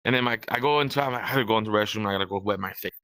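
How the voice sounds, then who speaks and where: A man's voice: fairly low pitch, rapid-fire, bright, forceful tone, no echo. A young man hosting a podcast, telling a long, rambling, profane story in casual chat and acting out what others said. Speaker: podcast host.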